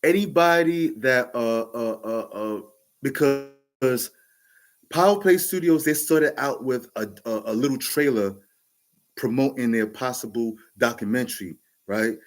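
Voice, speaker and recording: A man's voice: mid-range voice, a little slow. Rambling New York man telling a story. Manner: rambling, laughs often, many restarts and fillers. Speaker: podcast host telling a story. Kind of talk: casual storytelling monologue.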